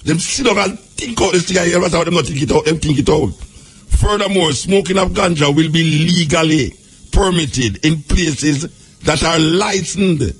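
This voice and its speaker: A Jamaican talk show host reads a legal text aloud, slipping into loose patois asides as he comments on the law. His voice is a little high, a little slow and slightly rough.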